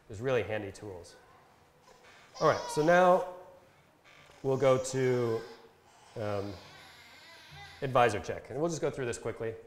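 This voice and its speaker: A man's voice: mid-range voice, slight background noise. Man teaching in an echoey room. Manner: explains step by step with fillers, reads verses slowly. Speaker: Bible translation consultant presenting a workshop. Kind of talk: casual instructional talk with screen demo. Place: talk given at a camp session.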